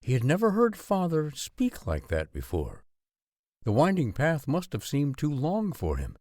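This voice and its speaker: A man reading a novel aloud in expressive, measured narration. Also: on the high side, dry recording, studio quality. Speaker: audiobook narrator. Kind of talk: scripted storybook narration.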